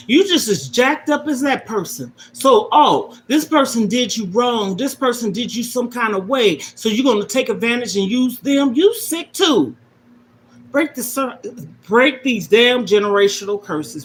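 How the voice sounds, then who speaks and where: On her livestream, a middle-aged woman pours out her personal story to viewers, emphatic and emotional, circling back to her key points the way a sermon would. The voice is fairly high and a bit bright, with a little hiss or hum in the recording.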